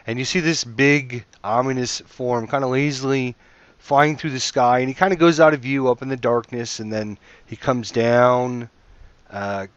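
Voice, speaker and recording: A man's voice: mid-range voice, no room sound, highs cut off. A man acting as game master, narrating a tabletop game in a rambling way, full of fillers and restarts, over a computer mic. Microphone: computer mic over voice chat.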